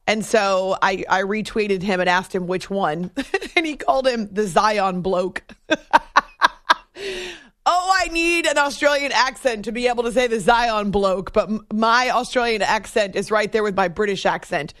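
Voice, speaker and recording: A woman's voice: mid-range voice, normal speed, fairly bright tone, no room sound. Chatty female sports radio host. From New Hampshire, USA. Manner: chatty, laughs often, reads listener messages. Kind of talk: casual late-night radio chat. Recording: dry studio mic.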